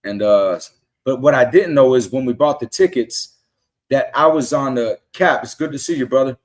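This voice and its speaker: A middle-aged man on a casual podcast, telling fan stories and acting out quotes in an animated way. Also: mid-range voice, moderate pace. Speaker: guest fan.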